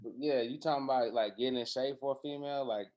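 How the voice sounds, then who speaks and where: A man in casual conversation, spinning animated, profane stories full of slang. His voice sits in an ordinary middle pitch. He is recorded in a quiet room at home. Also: quick pace. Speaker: podcast guest. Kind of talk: casual storytelling chat.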